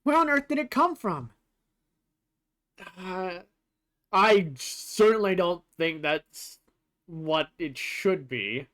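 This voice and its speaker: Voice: mid-range voice, expressive, takes it slowly, long pauses, fairly bright tone. A streamer casually commenting over gameplay while comparing translations, thinking aloud with fillers and the odd swear word.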